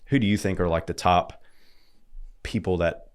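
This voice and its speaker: A man's voice: deep voice, steady tone, normal speed, smooth. A man hosting a podcast, asking long, rambling questions with restarts. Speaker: podcast host. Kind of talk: interview questions.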